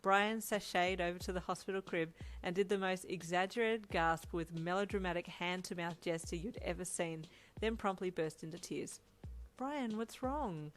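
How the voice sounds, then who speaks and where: A woman narrating a fan fiction story in a steady, low-key way. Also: normal speed, faint music behind.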